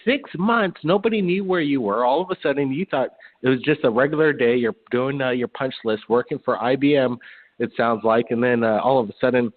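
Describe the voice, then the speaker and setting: A man's voice: medium pitch, a little fast. Guy hosting a call-in show, recapping the caller's story, sounds tinny like a phone. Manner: reactive, sums up the caller's story. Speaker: host.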